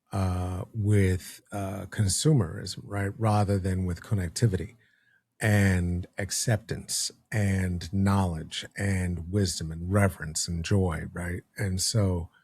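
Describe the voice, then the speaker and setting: A man co-hosting a podcast, speaking in a halting, thoughtful way with many fillers and restarts. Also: low-pitched, little pitch movement, a little mellow, slightly rough, no room sound. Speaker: podcast co-host. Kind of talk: casual podcast conversation.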